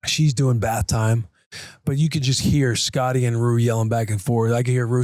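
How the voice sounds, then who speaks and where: A man's voice: medium pitch, fairly even intonation, moderate pace, darkish tone, no echo, clean studio sound. A man in his thirties, co-hosting a casual podcast, telling a family story openly and acting out the voices in it. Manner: candid storytelling, acts out family dialogue. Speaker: podcast co-host, former pro football player.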